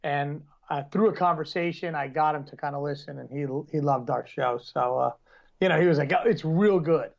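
Man, podcast co-host, rambling storyteller, gravelly, dull lo-fi audio. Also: fairly high pitch, fairly even intonation, brisk. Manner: rambling storyteller, laughs often. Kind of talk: casual chat.

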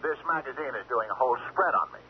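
An actor in a 1970s radio drama playing a vain, hesitant middle-aged senator who hems and haws. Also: male voice, mid-range voice, animated, fast talker, a little hiss or hum, lightly acted. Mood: sheepish. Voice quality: hemming, hesitant. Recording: dull lo-fi radio recording.

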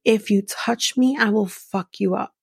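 A woman's voice: mid-range voice, a little slow, vocal fry, breathy edge, dry recording, studio quality. A young adult woman hosting a casual podcast recap and commenting bluntly, with profanity and indignation. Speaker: podcast host.

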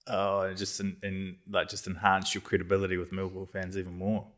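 Male interview host, very low voice, relaxed prompts and recaps. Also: a little fast. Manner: short prompts and recaps of the guest's story. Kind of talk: casual interview.

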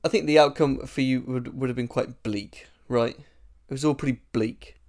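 A man's voice: medium pitch, fairly even intonation, normal speed, a little mellow. A young man co-hosting a football podcast, teasing his partner with dry jokes. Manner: dry teasing, joking asides. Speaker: podcast co-host. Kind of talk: casual football chat.

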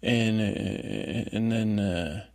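A man with a low, gravelly voice wanders through a bedtime recap, often stopping to restart his sentences. His voice is dry and close, with no room sound around it. He sounds like a host talking his listeners down toward sleep. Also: steady tone, a little mellow, no room sound. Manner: meandering, halting, with frequent restarts and fillers. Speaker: podcast host. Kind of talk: rambling bedtime recap monologue.

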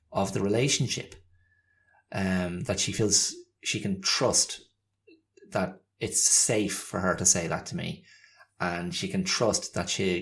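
A man with a very low voice talks in a slow, reflective way. He hosts his own podcast and thinks out loud, searching for words and restarting his sentences. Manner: thoughtful, searching, many fillers and restarts. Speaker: podcast host. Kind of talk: reflective monologue.

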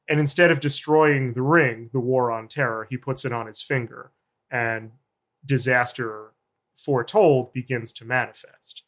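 A man, a journalist guest, giving long, deliberate analytic answers in an interview. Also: medium pitch, fairly even intonation, a bit bright.

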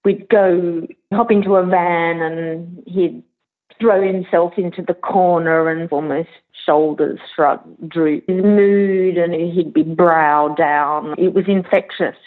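A woman recalling her time in a band in a slow, reflective interview, pausing and restarting as she thinks. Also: lowish voice. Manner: slow, thoughtful, with pauses and restarts. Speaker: interviewee, former bandmate. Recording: phone-like narrow line.

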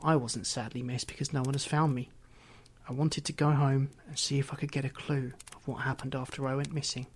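A man reading as the ghost of a murdered woman, telling her story quietly and wryly. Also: mid-range voice, level tone, fairly quick, breathy edge, close to an everyday voice. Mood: wistful. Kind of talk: audiobook reading.

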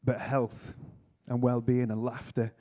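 Warm-voiced man preaching. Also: medium pitch, little pitch movement, measured pace. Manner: earnest with self-mocking humour. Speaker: speaker at a church conference. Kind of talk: storytelling sermon talk. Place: conference hall talk.

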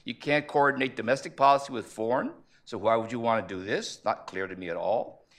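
A man's voice: medium pitch, a bit bright. Man giving an analytical conference talk. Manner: measured, analytical, rhetorical questions. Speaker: panel speaker on economics. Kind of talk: conference presentation.

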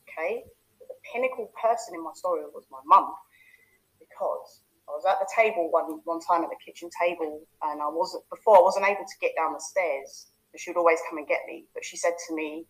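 A woman in her thirties from London shares her own story as a coach. She speaks candidly and conversationally in a slightly low voice. She keeps checking in with the listener as she talks. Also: a little fast, poor audio. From London, England. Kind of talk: personal life story to camera.

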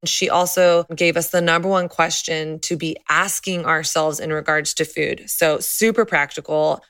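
A woman hosting a podcast, talking in a friendly, chatty way straight to the listener, her voice a little deeper and rougher than usual. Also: fairly bright tone, no room sound. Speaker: podcast host.

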